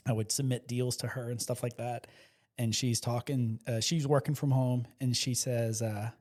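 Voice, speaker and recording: A man's voice: medium pitch, moderate pace. A man from South Louisiana, a podcast guest, telling stories in casual chat and acting out the voices he quotes. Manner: animated storyteller, acts out quotes; passionate, excitable.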